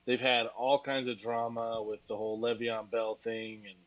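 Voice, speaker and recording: A man's voice: mid-range voice, little pitch movement, normal speed. Man, tired podcast co-host, rambling football talk, crude jokes, slightly muffled lo-fi sound. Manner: loose and rambling, crude jokes, many fillers. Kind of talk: casual sports chat.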